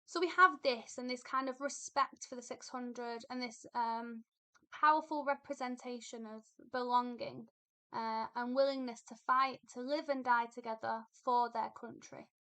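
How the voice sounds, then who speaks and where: Woman teacher, higher voice with a bright edge, patient explanatory lesson delivery. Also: steady tone, moderate pace, clear, resonant tone. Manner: explains patiently, thinking aloud with fillers and repetitions. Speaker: English literature teacher. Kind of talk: recorded poetry lesson.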